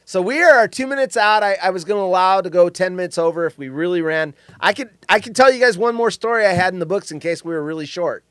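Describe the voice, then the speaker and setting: High-voiced animated male podcast co-host. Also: quick pace, few pauses, smooth, no room sound, clean studio sound. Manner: animated storyteller, reads chat aloud. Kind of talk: casual live-stream chat.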